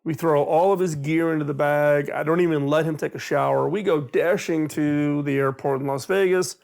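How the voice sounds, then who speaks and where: A middle-aged man giving an animated storytelling talk on innovation, acting out quoted dialogue. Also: on the high side, normal speed, creaky. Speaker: speaker on innovation.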